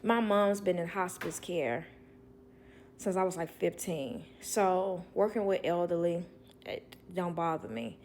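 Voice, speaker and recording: A young woman who works as a nanny, telling a work story to viewers in a blunt, animated way. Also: on the low side, a little slow, slight background noise. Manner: blunt, animated, acts out others' lines.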